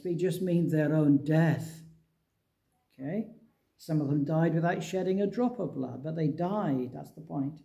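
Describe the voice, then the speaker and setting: A middle-aged man from England preaching a sermon, telling a Bible story with lively acted-out dialogue. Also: high-pitched.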